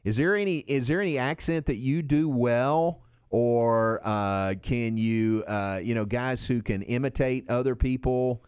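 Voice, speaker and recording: Smooth-voiced easygoing radio host man. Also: medium pitch, a little mellow, no room sound, studio quality. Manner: easygoing, laughs often, quick affirmations. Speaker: radio sports show host. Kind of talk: casual on-air chat.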